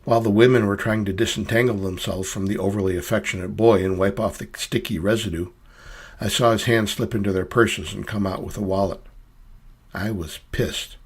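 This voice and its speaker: A man's voice: on the low side, fairly even intonation, fairly quick, slightly rough. A man reading his own story aloud in dry, wry, hard-boiled first-person narration.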